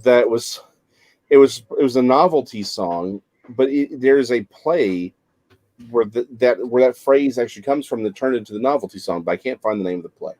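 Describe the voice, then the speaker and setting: A man co-hosting a casual chat, easygoing and halting as he searches for words. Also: medium pitch, lively intonation, warm tone, dry recording. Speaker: co-host.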